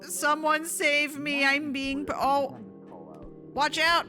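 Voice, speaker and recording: A woman streaming a co-op game with friends, talking casually with excitable, swearing outbursts and frequent laughs. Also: high-pitched, takes it slowly, soft background music. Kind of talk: casual gaming chat.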